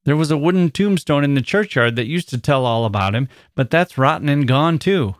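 A man's voice: on the high side, lively intonation, fairly quick, no echo, clean studio sound, close to an everyday voice. A man voicing an old village man with a thin, piping voice. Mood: matter-of-fact.

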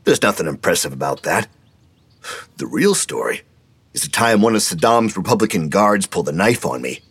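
A man voicing a crude, loudmouthed older ex-Marine grandfather who mocks and insults everyone. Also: low-pitched, big pitch swings, moderate pace, slightly rough, no room sound, heavily acted. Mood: brash mocking. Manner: brash, mocking, insulting.

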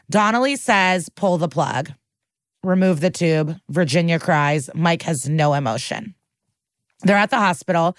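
In clean studio sound without echo, a low-voiced female podcast co-host runs through a TV episode. She swears freely, keeps things conversational, and performs the characters' quotes herself.

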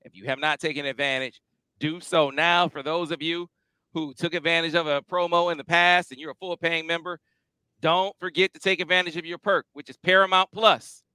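A high-pitched male host talks in an energetic, emphatic, playful way. His voice is bright and crisp, recorded dry and close with no room sound. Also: a little fast, no echo. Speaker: podcast host. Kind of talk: casual sports show chat.

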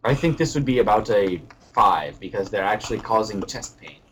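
Brief: man playing a low-voiced, hiccup-plagued posh British lord, put-on accent, rambling, slight background hiss. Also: lively intonation, brisk, fairly bright tone, poor audio. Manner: rambling, hesitant, genteel phrasing. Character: pompous British lord, middle-aged man, fussy. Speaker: podcast co-host. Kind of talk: comedic podcast character chat.

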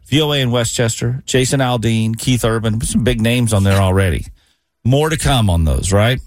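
A man's voice: mid-range voice, normal speed, no echo. Jokey male radio show host. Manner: jokey, self-mocking. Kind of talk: casual radio banter.

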